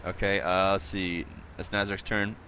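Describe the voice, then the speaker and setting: A man's voice: low voice, little pitch movement, normal speed, crowd noise. A man running a tabletop game as game master, talking casually and loosely with lots of fillers.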